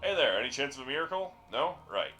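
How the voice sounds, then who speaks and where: A man's voice: mid-range voice, big pitch swings, fast, bright, forceful tone, soft background music. A male streamer reading a game's lines aloud in a dry, plain way. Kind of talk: reading game dialogue aloud.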